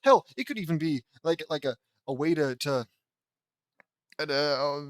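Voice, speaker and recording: A man reading a fanfic aloud with comedic commentary, exasperated and animated, his voice a little worn. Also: fairly high pitch, moderate pace, no echo. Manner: exasperated, animated, laughing asides. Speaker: reader and commentator.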